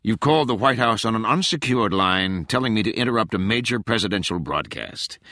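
A man reading an audiobook, voicing a raspy, cold, stern female presidential advisor who talks in a clipped, scolding way. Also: on the low side, lively intonation, brisk, bright, forceful tone, no room sound, studio quality, pitched above the performer's own voice. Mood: icy.

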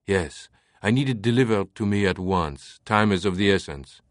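A man voicing a hushed French-accented mastermind. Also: no room sound, studio quality, lightly acted. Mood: hushed, commanding. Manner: hushed, low and deliberate, sometimes whispering. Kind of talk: audiobook character voice.

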